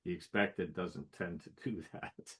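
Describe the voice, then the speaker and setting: A man musing aloud in a conversation, searching for his words with pauses. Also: sits low, fairly even intonation, fairly bright tone, breathy edge. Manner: searching, thoughtful, with fillers. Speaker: conversation partner. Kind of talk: reflective conversation.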